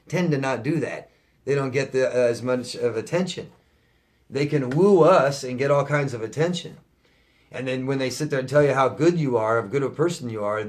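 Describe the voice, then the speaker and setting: A man of ordinary pitch works through viewer questions as a life coach. He reads each question aloud, then answers it bluntly and profanely, hammering his points with repetition. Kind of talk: viewer Q&A monologue.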